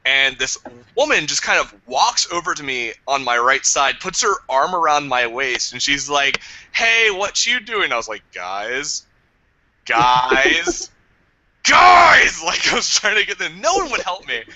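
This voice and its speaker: Bright, lively young man chatting. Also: medium pitch, moderate pace, low-quality recording. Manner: animated storyteller, acts out quotes. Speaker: podcast co-host. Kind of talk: casual chat.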